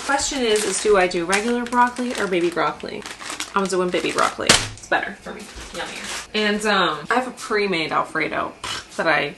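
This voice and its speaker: A woman's voice: mid-range voice, fairly quick, very noisy. A young woman rambling casually in a home vlog, chatty and full of fillers and asides. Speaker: vlogger. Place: home kitchen.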